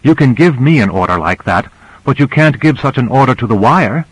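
A man's voice: mid-range voice, expressive, brisk, slightly rough, no echo, voice pushed up, low-quality recording. A man raising his voice for a doubtful young woman. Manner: doubtful, tart. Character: Cora, doubtful young female technician. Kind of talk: audiobook character reading.

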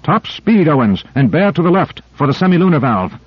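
A man's voice: on the high side, big pitch swings, a little fast, breathy edge, no room sound, voice pushed up. A man reading an audiobook voices a tense male expedition leader, barking urgent orders in a raised voice, on a dull lo-fi recording.

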